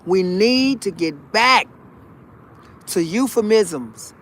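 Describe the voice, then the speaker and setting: High-voiced man preaching folksy wisdom. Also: takes it slowly, slight background noise. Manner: folksy, repetitive, calls viewers honey and y'all; animated, preachy. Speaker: vlogger. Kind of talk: casual spiritual monologue.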